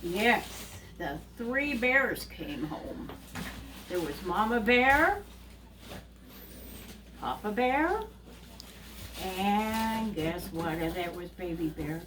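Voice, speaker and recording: A woman telling a fairy tale to young children, animated and asking them questions along the way. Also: mid-range voice, takes it slowly, slight background noise. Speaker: children's storyteller. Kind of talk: reading a story to young children. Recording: distant mic with faint ambience.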